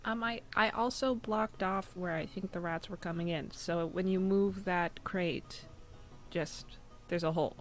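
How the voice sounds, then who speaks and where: A woman's voice: fairly low pitch, steady tone, unhurried, faint music behind. A woman player at a tabletop game, speaking hesitantly and stammering. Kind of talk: casual tabletop chat.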